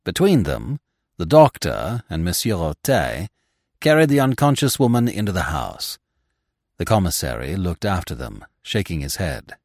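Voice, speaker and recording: A man narrating a classic mystery novel aloud, measured and expressive. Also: low voice, dry recording, studio quality.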